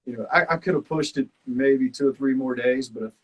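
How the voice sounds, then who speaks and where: A man's voice: mid-range voice, fairly quick, slightly rough, low-quality recording. A man with a Southern accent, chatting casually and reflectively about his time on a survival show. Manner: relaxed, rambling, many fillers. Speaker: former survival show contestant. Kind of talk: casual chat.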